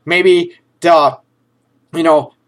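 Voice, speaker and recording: A man's voice: fairly high pitch, steady tone, extremely slow. Frank man giving casual relationship advice. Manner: conversational, keeps checking in with "okay?" and "you know"; frank and joking. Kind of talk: casual advice talk to listeners.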